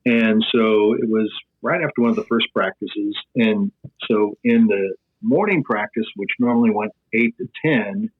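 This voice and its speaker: A middle-aged man with a Midwestern American accent, a sports broadcaster telling an animated anecdote on a podcast, tossing in fillers as he goes. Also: on the low side, a little slow, slightly rough. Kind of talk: podcast storytelling. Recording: tinny phone-like line.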